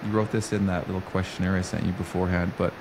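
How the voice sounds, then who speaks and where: A man's voice: low-pitched, level tone, fast. A man hosting an interview, casual and self-deprecating, sometimes losing his words mid-sentence. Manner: casual, laughs at himself, loses his words. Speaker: podcast host. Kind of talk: conversational interview. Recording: noisy recording.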